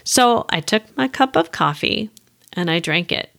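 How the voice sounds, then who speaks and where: A woman's voice: mid-range voice, lively intonation, a little slow, creaky, fairly bright tone, no echo, studio quality. A woman counselor telling a candid personal story and reflecting on what she could have done differently.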